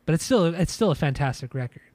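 A man's voice: on the high side, animated, fast talker, a little mellow, no room sound. A man co-hosting a podcast, talking casually about music in a rambling way with many restarts. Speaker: podcast co-host. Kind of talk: casual chat.

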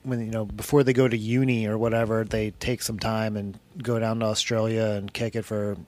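A man from New England, a podcast host, telling relaxed, matter-of-fact anecdotes in casual chat. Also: fairly low pitch, a little fast.

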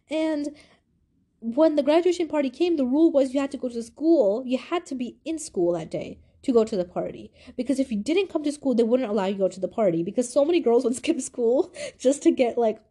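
An eighteen-year-old woman hosting a podcast, telling a personal story in a confiding, animated way. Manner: animated, confiding, swings from high to low. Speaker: podcast host.

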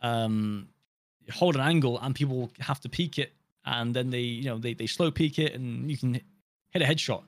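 A man's voice: medium pitch, moderate pace, no room sound. A young man with a British accent talks loosely and casually, circling his points with plenty of fillers and false starts. His voice sits in an ordinary middle register. The recording is dry and close, with no room sound. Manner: rambling, lots of fillers and restarts. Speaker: podcast guest, streamer. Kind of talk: casual podcast chat.

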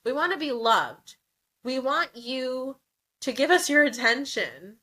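A woman's voice: high-pitched, lively intonation, measured pace, bright, forceful tone. A young woman hosting a podcast, talking candidly in a blunt, profane, emphatic way and laughing often. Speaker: podcast host. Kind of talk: candid casual monologue.

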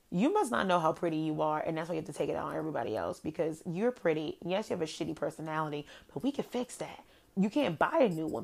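A woman's voice: lowish voice, creaky, a little mellow. A woman hosting a casual recap podcast, profane and sassy, ranting animatedly about reality TV. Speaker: podcast host.

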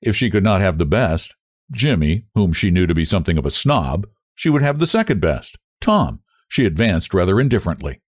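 A man reading a novel aloud in measured, expressive storytelling. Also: low-pitched, no room sound, clean studio sound. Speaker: audiobook narrator. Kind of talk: scripted narration of a novel.

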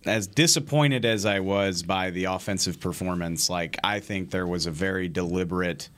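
A man co-hosting a sports talk show, opinionated and quick, running through players one by one. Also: deep voice, a bit bright.

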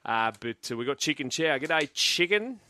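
A man with an Australian accent hosting sports radio, reading out listener texts briskly and chatting with his co-host. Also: on the high side, big pitch swings, sharp tone, dry recording.

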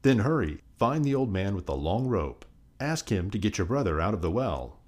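A man's voice: on the low side, very animated, moderate pace, darkish tone. Man doing a worried, urgent mother.

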